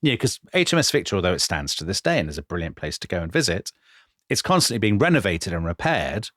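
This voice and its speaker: A man co-hosting a podcast, telling history in a lively conversational way and acting out quoted lines. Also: sits low, fast, no echo, studio quality. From Britain. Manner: animated, dramatizing quotes with voice changes. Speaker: podcast co-host.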